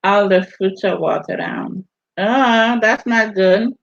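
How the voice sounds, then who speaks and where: Caribbean lady chatting slow on her livestream, teasing and laughing, kinda dull lo-fi sound. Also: mid-range voice, creaky. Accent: Virgin Islands Caribbean. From U.S. Virgin Islands. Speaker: vlogger hosting a live stream. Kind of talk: casual chat reading viewer comments. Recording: dull lo-fi audio.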